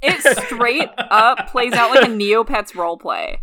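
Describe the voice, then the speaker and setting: A woman's voice: on the high side, animated, a little slow, crowd noise. A woman co-hosting a podcast, retelling scenes in a profane, mocking, casual way. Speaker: podcast co-host. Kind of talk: casual chat.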